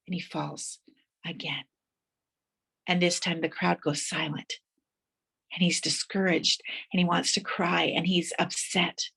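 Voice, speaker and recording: A woman's voice: on the low side, gravelly, a bit bright, slightly rough. A woman giving a motivational speech, telling vivid stories and guiding listeners to imagine their dreams. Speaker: motivational speaker.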